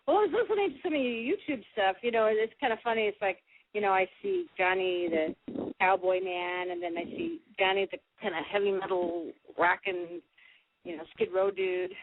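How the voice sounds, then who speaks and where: A woman's voice: medium pitch, moderate pace, no room sound. A woman from Michigan with a Midwestern accent, calling in to a radio show, chatty and giggly, rambling. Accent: Midwestern American. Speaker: caller. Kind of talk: call-in radio chat. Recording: dry tinny phone line.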